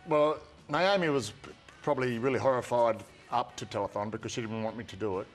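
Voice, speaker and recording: A man's voice: mid-range voice, brisk, soft background music. A man, a guest on a studio panel show, talking about himself in an easygoing, matter-of-fact way. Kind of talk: casual chat.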